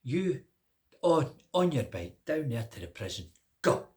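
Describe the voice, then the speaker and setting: A man's voice: big pitch swings, measured pace. An older man voicing a short-tempered king in a told children's story, barking orders in a raised voice. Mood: commanding. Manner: barking orders, loud and high.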